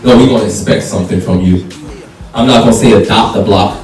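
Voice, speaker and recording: A man's voice: lowish voice, fast talker, darkish tone. Fiery man, from far off. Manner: fiery, plain-spoken, rallying a crowd. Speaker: city council candidate. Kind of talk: campaign speech at a meet and greet. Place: community hall meet and greet. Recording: echoey room, speaker from far off, music faint behind.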